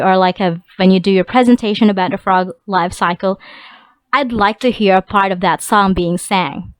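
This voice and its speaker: A woman teacher giving an online class lesson, slowly and clearly repeating vocabulary words for young students. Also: medium pitch, dry recording, low-quality recording. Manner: slow, clear word-by-word drilling of vocabulary.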